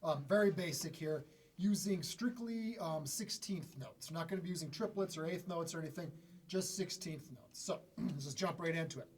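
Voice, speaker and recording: A man giving a casual drum lesson in a relaxed, conversational way, often pausing to clear his throat. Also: a little hiss or hum. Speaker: drum teacher. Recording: drum kit playing loudly around the talk. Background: snare, bass drum and hi-hat played by the speaker.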